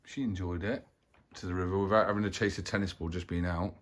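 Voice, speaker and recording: Man, very low voice, casual vlog chat, rambling. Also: fairly even intonation, quick pace. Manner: rambling, matter-of-fact. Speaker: vlog host, parent.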